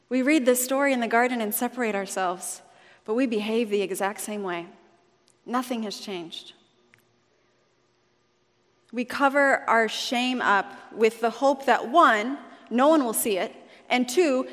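Woman pastor, casual storytelling sermon, somewhat high voice, church hall reverb. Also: a little slow, pauses often. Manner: conversational, animated storytelling.

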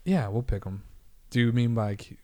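A man's voice: mid-range voice, normal speed, a little mellow. A man co-hosting a casual comedy podcast, ranting in mock anger and swearing freely. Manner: profane, mock-angry ranting. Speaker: podcast co-host.

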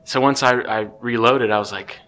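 A man, a podcast guest, telling a story in a casual, excitable way with many restarts. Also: medium pitch, normal speed.

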